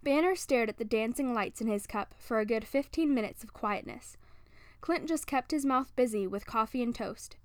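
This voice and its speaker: Woman story reader, slightly high voice; calm, even narration, dry close mic. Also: moderate pace, dry recording. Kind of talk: fiction reading.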